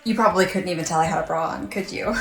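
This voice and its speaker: Woman, casual sales pitch, breezy, echoey room. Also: fast, vocal fry, soft background music. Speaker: influencer. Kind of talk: comedy sketch with sponsored ad.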